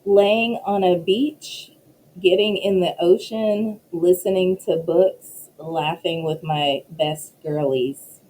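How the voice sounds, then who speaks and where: Lively, laughing woman, lowish voice. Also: slow pace, slight background noise, rough recording. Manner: animated, laughing, storytelling. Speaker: professor and associate dean, guest. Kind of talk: casual interview.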